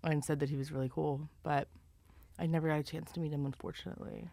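A woman co-host in a relaxed podcast chat with a slightly low voice, reacting eagerly and exclaiming often. The recording is dry and close. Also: fast, creaky, no echo. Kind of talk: casual chat.

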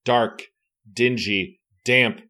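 A man's voice: mid-range voice, fairly even intonation, extremely slow, bright, forceful tone. A man reading a choose-your-own-adventure book aloud with theatrical flair and jokes. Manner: theatrical, jokey. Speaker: host reading a gamebook aloud. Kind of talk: dramatic read-aloud with banter.

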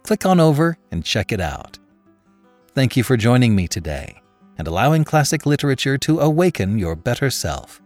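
A man hosting a classic literature podcast, giving a friendly, measured sign-off. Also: mid-range voice, very animated, darkish tone, dry recording, soft background music. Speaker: podcast host. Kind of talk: scripted podcast outro.

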